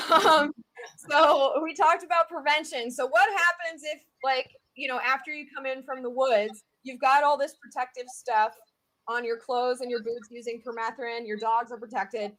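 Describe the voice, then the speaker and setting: High-voiced Southern US woman, chatty. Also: moderate pace. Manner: chatty and animated, many fillers. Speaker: tick expert guest. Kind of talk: casual interview chat.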